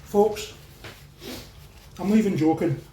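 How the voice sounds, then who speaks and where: Scottish male cooking vlogger, mellow voice, roomy kitchen sound, chatty and informal. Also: high voice, slow pace, slight background noise. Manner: chatty, addresses viewers as folks, eats while talking. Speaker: cooking channel host. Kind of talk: casual cooking vlog, tasting food.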